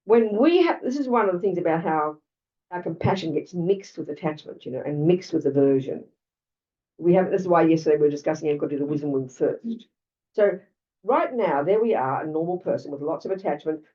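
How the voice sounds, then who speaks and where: A woman's voice: low-pitched, lively intonation, a little fast, dark tone. An older Australian woman giving a Buddhist dharma talk in a blunt, conversational way, full of asides to her listeners. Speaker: Buddhist teacher. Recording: lo-fi, distant mic.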